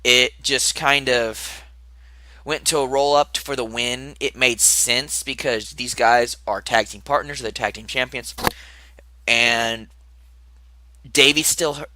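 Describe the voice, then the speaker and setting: A man's voice: medium pitch, sharp tone, slight background noise. A young man recapping a wrestling show in a casual, rambling podcast style, with asides and muttered remarks.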